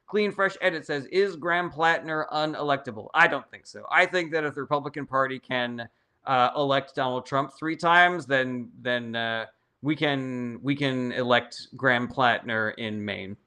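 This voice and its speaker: Blunt, profane young man with a bright voice. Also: medium pitch, normal speed, smooth. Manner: blunt, profane and opinionated, reads chat comments aloud. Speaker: livestream host answering chat questions. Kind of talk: casual livestream chat.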